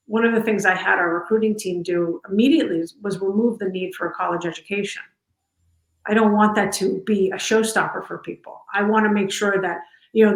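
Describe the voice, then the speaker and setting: A middle-aged woman talking casually in an interview, warm and chatty with lots of fillers and restarts, on a video call from home. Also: mid-range voice. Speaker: company culture executive, interview guest. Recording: echoey room.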